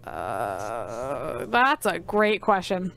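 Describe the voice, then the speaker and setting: A woman's voice: deep voice, very animated, extremely slow, vocal fry, fairly bright tone, faint music behind. A woman commentating casually on a card game stream, chatty and rambling with frequent ums.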